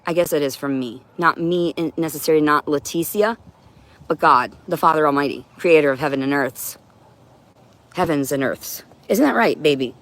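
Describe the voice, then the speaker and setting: A woman's voice: deep voice, normal speed. A woman on a livestream in an agitated, profane, rambling monologue, now and then talking to her cat.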